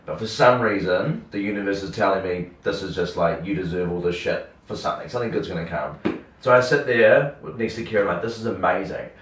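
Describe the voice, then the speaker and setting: A young man with a New Zealand accent, a radio host telling a story in casual chat, animated and acting out the dialogue, swearing freely. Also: sits low, fairly quick, a little hiss or hum. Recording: roomy sound from a distant mic.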